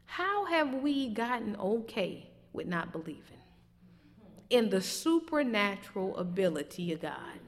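A woman preaching a sermon, swinging between loud, emphatic questions and quiet, low reflection. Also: very animated, measured pace. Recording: long hall reverb.

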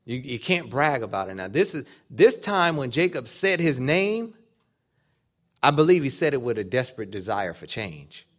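A man delivers an animated sermon in a church or conference hall. His voice sits in an ordinary middle range, and he moves between building emphasis and quiet asides as he acts out short quoted exchanges. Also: medium pitch, moderate pace. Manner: animated preaching, acting out quoted dialogue. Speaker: preacher.

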